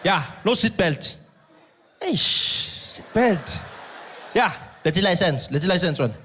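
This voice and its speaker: A man's voice: high voice, lively intonation, slow pace, bright, forceful tone, full character voice. A man with a South African accent voicing a laid-back male driver who laughs his way past a traffic cop in local slang. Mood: easygoing. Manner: easygoing, laughing, sing-song local slang. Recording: noisy live stage recording.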